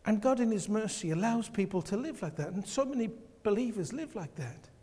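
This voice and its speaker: A man's voice: high voice, expressive, a little fast, mellow, husky. A man preaching a sermon to his congregation, emphatic and repeating his key phrases. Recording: long hall reverb.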